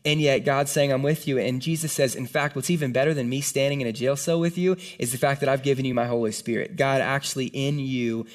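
A man preaching a casual sermon to a room full of people, talking in an animated, conversational way. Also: medium pitch, fairly quick, few pauses. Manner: conversational, animated, lots of "like" and "right?". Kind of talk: casual sermon to a live congregation. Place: room with a gathered audience.

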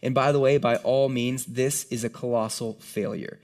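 A man's voice: medium pitch, fairly even intonation, normal speed, a little mellow. A man preaching a sermon to a congregation in an earnest, conversational way, often dropping in "like". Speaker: pastor.

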